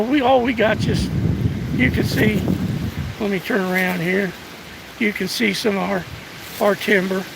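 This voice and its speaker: A hoarse older man from the United States, live streaming on a phone outdoors in windy woods, chatting in a folksy, halting way and thanking viewers by name. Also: high voice, rough recording. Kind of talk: casual live-stream chat. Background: faint wind and rustling leaves.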